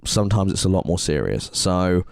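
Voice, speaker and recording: A man's voice: low voice, very animated, normal speed, creaky, clean tone, no echo, studio quality. A man with an English accent co-hosting a podcast, talking earnestly in a rambling way with many restarts. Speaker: podcast co-host. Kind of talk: casual podcast chat.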